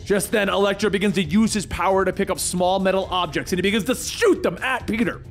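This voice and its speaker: A man narrating a comic book story in brisk recap style. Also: high voice, soft background music.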